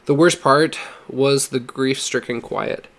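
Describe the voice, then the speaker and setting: A man reading a story aloud in a steady, measured narration. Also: medium pitch. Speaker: audiobook reader.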